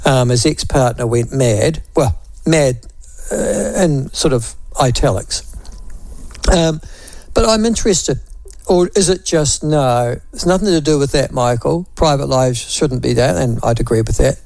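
A man's voice: mid-range voice, expressive, measured pace, vocal fry, darkish tone, no room sound. Wry New Zealand talk radio man. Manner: wry, musing aloud, repeats and toys with phrases. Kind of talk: opinionated talk radio commentary.

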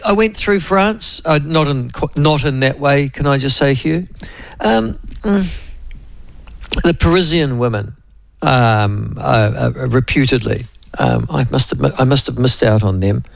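A man's voice: mid-range voice, expressive, a little slow, creaky, dry recording, low-quality recording. A man with a New Zealand accent hosting a radio show in a rambling, chatty, digressive way. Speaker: radio host. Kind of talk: casual radio chat.

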